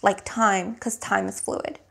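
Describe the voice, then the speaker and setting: A woman giving a spiritual tarot reading, speaking in slow, emphatic affirmations and at times searching for words. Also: mid-range voice, flat delivery, vocal fry, slight background noise. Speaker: tarot reader.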